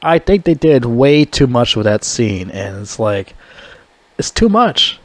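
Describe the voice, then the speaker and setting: A man's voice: medium pitch, expressive, unhurried, darkish tone, dry recording. A young man giving a casual movie review, rambling, blunt and full of swearing. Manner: rambling, heavily profane, blunt.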